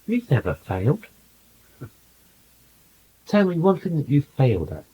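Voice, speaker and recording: A man in a channeling session, speaking in a calm, patient, coaching way and telling anecdotes to a small group. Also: fairly high pitch, measured pace, slightly rough, dull audio. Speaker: channeler giving spiritual counsel. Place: small room with a group present.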